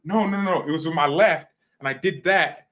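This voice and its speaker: A young man chatting casually on a live stream, rambling and excitable, full of slang and quick restarts. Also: on the high side.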